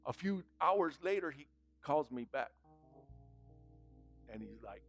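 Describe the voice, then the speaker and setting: Animated preacher telling a story. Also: male voice, medium pitch, measured pace, long pauses, soft background music. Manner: animated, conversational, laughing at his own stories. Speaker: pastor. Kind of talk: sermon storytelling.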